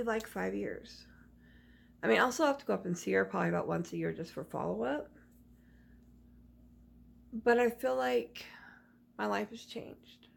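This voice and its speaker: Gravelly, husky-voiced woman vlogger. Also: a little high. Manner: rambling, confiding, with many restarts. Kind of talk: casual personal storytelling. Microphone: phone camera.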